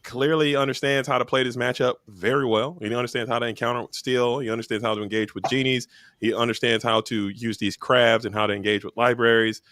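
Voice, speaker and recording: A man calls a card game tournament live and fills the gaps with running jokes. His voice sits in a middle pitch and the sound is dry and close. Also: fairly even intonation, a little fast, a bit bright, dry recording. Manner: joking, riffing, talking up plays. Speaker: tournament caster.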